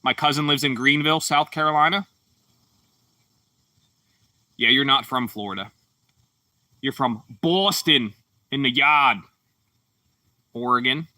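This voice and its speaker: A man hosts a relaxed livestream, wandering from comment to comment with plenty of ums and you-knows. His voice is very bright and a little forward in tone. He sits back from the microphone in a dry, dead room. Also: medium pitch, no echo, far from the mic. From Pittsburgh, Pennsylvania. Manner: laid-back, rambling, frequent fillers. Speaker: livestream host. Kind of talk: casual livestream chat reading comments.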